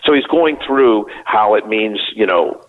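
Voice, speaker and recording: A man's voice: on the low side, measured pace. A man in his sixties, a company CEO, telling joking anecdotes in a casual interview and acting out the dialogue. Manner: lively anecdotes, jokey, acts out quoted dialogue. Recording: phone-like narrow band.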